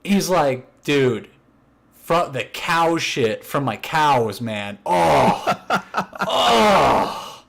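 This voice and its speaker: A man's voice: fairly high pitch, extremely slow, gravelly, slight background noise. Man animatedly telling a funny story. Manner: animated, acts out quotes of coworkers; laughs while telling the story. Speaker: podcast co-host. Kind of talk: casual storytelling chat.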